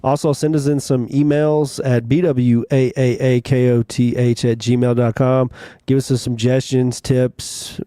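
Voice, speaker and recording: A laid-back male podcast co-host with a mellow, dark tone and a smooth, resonant voice. He talks plainly and easily, close to a dry mic. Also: mid-range voice, flat delivery, unhurried, no room sound. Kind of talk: casual chat.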